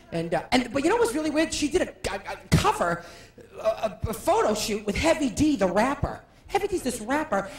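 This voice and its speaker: A man doing stand-up comedy in a live venue, camp and animated with rapid asides. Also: very high-pitched. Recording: echoey live room with audience.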